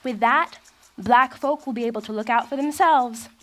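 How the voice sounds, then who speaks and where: A woman's voice: fairly high pitch, normal speed, fairly bright tone, close to an everyday voice. A woman playing an eager young woman. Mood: earnest. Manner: curious, polite, informative. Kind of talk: stage acting.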